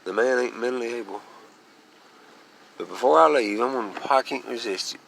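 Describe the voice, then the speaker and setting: A man's voice: medium pitch, fairly quick, vocal fry, a bit bright, a little hiss or hum, low-quality recording. A man from Western North Carolina, talking casually in a rambling, folksy vlog and chuckling often as he goes along rural roads. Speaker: vlogger.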